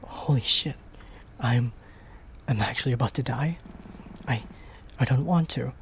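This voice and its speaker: A streamer acting out a frantic young woman caught in a blaze, stammering through the game's text and leaping from strained shouts to breathy whispers. The pitch stays mid-range at rest, and a soft hiss of faint noise runs underneath. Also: normal speed, natural voice. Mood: terrified. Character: panicked young woman trapped in a burning building. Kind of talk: dramatic reading of game text.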